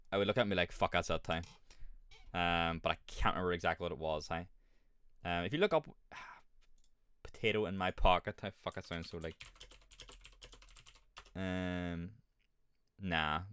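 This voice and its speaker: A man's voice: low voice, fairly bright tone, clean tone, no room sound. A man with an Irish accent, streaming a game and chatting casually, rambling, swearing often and laughing at himself. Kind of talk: casual gaming chat.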